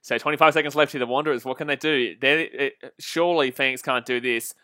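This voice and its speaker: A young man casually commenting on a football match live and answering viewer comments, chatty and quick to laugh. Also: mid-range voice, steady tone, bright, forceful tone, no echo, clean studio sound. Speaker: livestream football watch-along host.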